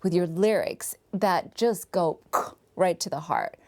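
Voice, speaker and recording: Lady interviewer, super enthusiastic, keeps agreeing, slightly low voice. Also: darkish tone. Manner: enthusiastic, affirming, quick to agree. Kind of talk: casual interview.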